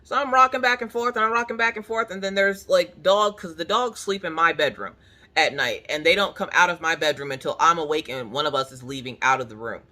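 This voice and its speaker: Speaking briskly in a low-set voice, a woman in her thirties who hosts a crafting channel shares a story from home with viewers. She's casual and animated, says "like" constantly, and acts out her own reactions.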